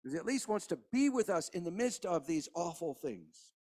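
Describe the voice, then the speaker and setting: Male pastor, passionate sermon, soft passages and strong emphasis. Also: sits high, sing-song, brisk. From Kentucky. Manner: impassioned, swings from hushed to rising emphasis.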